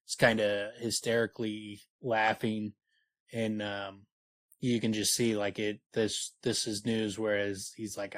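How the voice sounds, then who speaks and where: A man's voice: lowish voice, level tone, unhurried, fairly bright tone, no room sound. A man co-hosting a podcast, chatting casually about a book and often reading passages aloud between fillers. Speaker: podcast co-host.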